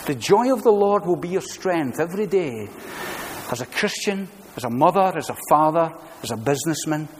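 A man's voice: fairly high pitch, lively intonation, normal speed. Preaching man in a reverberant church. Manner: earnest, conversational preaching with rhetorical questions. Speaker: pastor. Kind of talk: sermon. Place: church sanctuary. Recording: church hall reverb, faint room noise.

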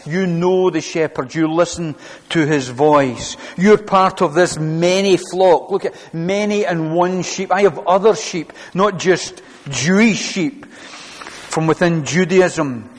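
A man's voice: a little high, slow. Man, pastor, earnest sermon, repeats phrases, reverberant hall.

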